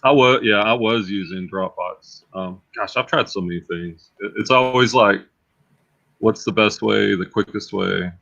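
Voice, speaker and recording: Casual man host, low voice, chatty and self-repeating, slightly dull lo-fi audio. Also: a little slow, vocal fry, fairly bright tone. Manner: chatty, repeats words as he thinks aloud. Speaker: livestream host and reseller. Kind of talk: casual livestream chat.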